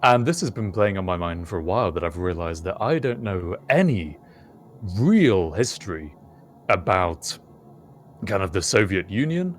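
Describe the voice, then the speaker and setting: A man's voice: sits low, sing-song, moderate pace. A British man co-hosting a podcast, musing through a casual chat. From United Kingdom. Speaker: podcast co-host.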